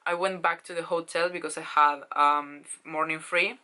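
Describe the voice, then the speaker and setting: Gushing young woman vlogger, low bright voice. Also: normal speed, clear, resonant tone, rough recording. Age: 20s. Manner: excited, gushing, swears, many fillers. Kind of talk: casual storytelling vlog.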